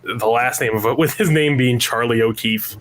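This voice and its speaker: A man chatting on a podcast with an average-pitched voice. He rambles and restarts a lot, laughing as he goes. The delivery is casual and unscripted. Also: moderate pace, fairly bright tone. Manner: rambling, self-interrupting, laughs often. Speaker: podcast player. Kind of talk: casual chat.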